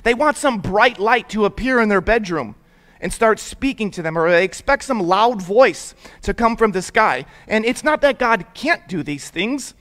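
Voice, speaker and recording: A man's voice: high voice, expressive, normal speed, fairly bright tone. A young man preaching to a youth group, getting the audience to repeat words and telling stories in a casual, conversational way. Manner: conversational storytelling with casual fillers. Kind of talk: interactive sermon for young people.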